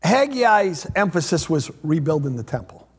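A man preaching a sermon as pastor, repeating phrases and swinging between loud emphatic lines and hushed low ones. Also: big pitch swings, normal speed, breathy edge. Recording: long hall reverb.

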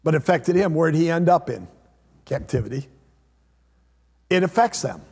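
A man preaching a sermon as pastor, repeating phrases and swinging between loud emphatic lines and hushed low ones. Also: lively intonation, normal speed, creaky, husky. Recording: long hall reverb.

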